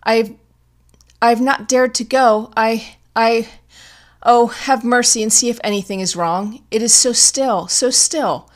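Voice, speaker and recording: A woman reading an audiobook, voicing a terrified young mother who pleads in high, loud, stammering bursts. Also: unhurried, hardly any pauses. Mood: frantic pleading. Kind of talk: audiobook character voice.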